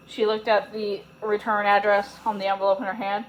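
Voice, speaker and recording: A woman's voice: mid-range voice, brisk, few pauses, slight background noise, low-quality recording. Woman reading a children's book aloud. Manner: clear, steady storytelling with a few slips. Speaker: storybook reader.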